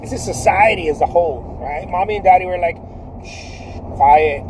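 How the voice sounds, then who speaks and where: A man with a high, bright-sitting voice talks to his viewers about art and life. He is loud, swaggering and profane, laughing between points. Faint traffic hum drifts in from outdoors. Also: fast, low-quality recording. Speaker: artist. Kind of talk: motivational vlog talk.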